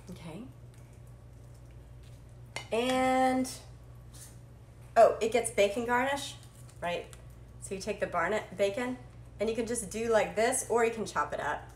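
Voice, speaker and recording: A woman with a fairly high voice chats bubbly and unscripted as she cooks live for her viewers. Her voice rings in an echoey home kitchen, with faint clatter behind her. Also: animated, measured pace, long pauses, slight background noise. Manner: chatty, self-deprecating, bubbly. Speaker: cooking show host. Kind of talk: live cooking stream chat.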